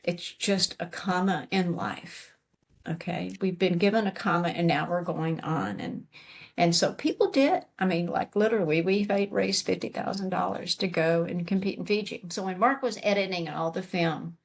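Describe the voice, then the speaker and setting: A woman's voice: on the low side, expressive, normal speed, gravelly. A middle-aged woman, a retired army sergeant major, telling a story in an interview and acting out the dialogue.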